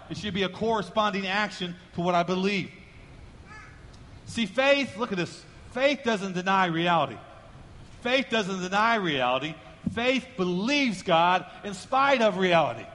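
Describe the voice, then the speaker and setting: Preacher, male, high and bright voice, emphatic repeater, long hall reverb. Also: slight background noise. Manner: emphatic, repeats key phrases, drives lines upward in volume. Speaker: pastor. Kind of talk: sermon.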